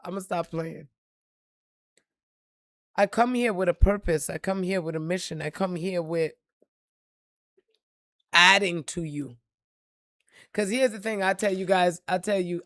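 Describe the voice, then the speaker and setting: A woman giving an impassioned, profane motivational talk on a live stream, repeating lines and building to shouts. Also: on the low side, no room sound, clean studio sound. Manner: preachy, profane, rising to shouts.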